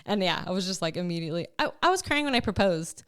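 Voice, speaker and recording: A woman's voice: on the low side, very animated, fast, clean tone, dry recording, studio quality. A young woman and life coach in a casual podcast chat, talking in a chatty, emotional way with frequent laughs.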